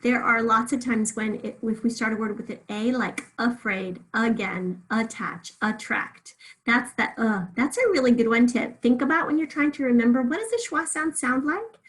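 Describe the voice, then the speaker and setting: A woman teaching a remote phonics lesson, patiently drawing words out slowly so listeners can hear each sound. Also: fairly high pitch, poor audio.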